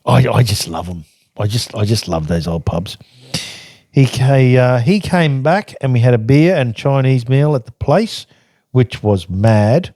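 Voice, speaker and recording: Older man, mellow, halting storyteller. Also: medium pitch, lively intonation, dry recording. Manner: rambling, halting with restarts, reads from his journal. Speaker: podcast guest recounting travels. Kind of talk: casual storytelling chat.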